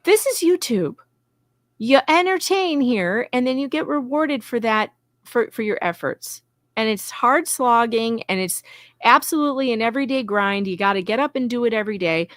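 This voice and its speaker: A woman's voice: fairly high pitch, lively intonation, normal speed, no echo. Emphatic woman commentator, dry close sound. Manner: emphatic, indignant, repetitive lists. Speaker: YouTube commentator, guest co-host. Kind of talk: casual live-stream chat.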